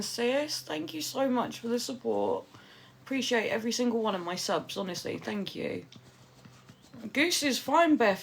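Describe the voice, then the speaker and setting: A woman, a livestreamer and new mother, chatting casually and affectionately with her viewers from home while reading out their messages. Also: fairly high pitch.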